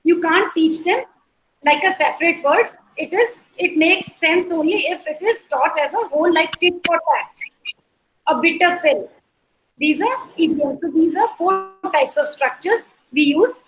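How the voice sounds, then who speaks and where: High-voiced Indian woman teaching online. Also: normal speed. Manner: explains with repeated examples and checks understanding. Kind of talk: online lecture mixing in Hindi. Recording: echoey room.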